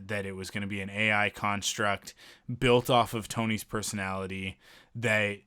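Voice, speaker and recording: A man's voice: lowish voice, fairly bright tone, smooth, dry recording, studio quality. A man co-hosting a podcast, enthusiastically retelling a film scene in casual chat, often restarting his sentences. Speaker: podcast co-host reviewing a film.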